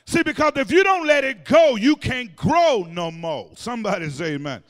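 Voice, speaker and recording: Man, pastor, sermon, very high voice, call-and-response, long church reverb. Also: lively intonation, normal speed. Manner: call-and-response preaching, shouting and singing phrases. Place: church sanctuary.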